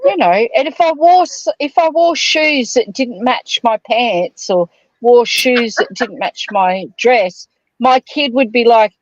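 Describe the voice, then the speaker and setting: An Australian woman in her fifties, co-hosting a casual chat and telling rambling, animated stories. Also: a little high, takes it slowly, dry recording, lo-fi sound. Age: 50s. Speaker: podcast co-host.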